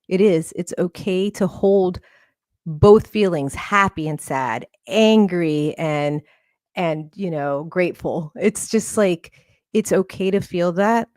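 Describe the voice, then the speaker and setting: Recorded dry and at studio quality, this woman therapist speaks on a podcast in a relaxed interview style. Her voice is on the low side with a darkish tone, and she comes across as earnest and encouraging, laughing frequently.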